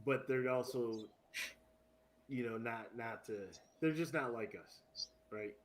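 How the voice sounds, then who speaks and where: A man co-hosting a casual sports podcast, talking with animated swings, repeating words and laughing at his own jokes. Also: mid-range voice, slow pace. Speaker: podcast co-host.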